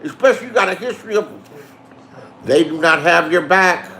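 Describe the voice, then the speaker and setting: A man's voice: sits high, animated, a little fast, pushed and bright, a little hiss or hum. A man delivering a profane, confrontational monologue, talking straight at absent rivals and trading in online drama. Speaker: YouTube drama streamer. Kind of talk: heated ranting monologue.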